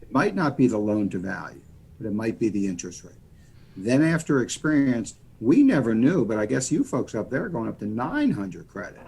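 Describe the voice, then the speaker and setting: A man's voice: mid-range voice, sing-song, brisk, creaky, darkish tone, breathy edge. A man from the United States, a mortgage lender guest on a podcast, explaining loans in a folksy, rambling way. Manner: folksy, rambling explanations full of "you know". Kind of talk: casual podcast interview.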